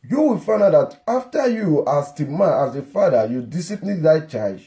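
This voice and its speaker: A man's voice: fairly high pitch, big pitch swings, moderate pace, mellow. A man giving an earnest, lecturing parenting-advice monologue that often repeats its points.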